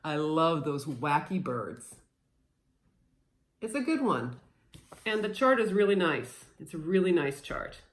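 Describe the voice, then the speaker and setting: A woman's voice: sits low, very animated, measured pace, long pauses. A woman in her thirties chatting casually and playfully as she shows off her cross-stitch haul, a bit scattered with lots of fillers. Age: 30s. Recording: echoey room.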